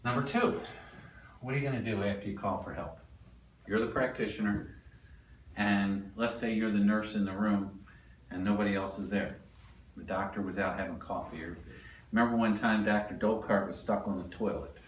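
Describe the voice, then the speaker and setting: A man giving a classroom lecture, animated and quizzing the class as he explains. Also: fairly low pitch, moderate pace, a little hiss or hum. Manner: animated, asks the class questions. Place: lecture room. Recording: echoey room, mic at a distance.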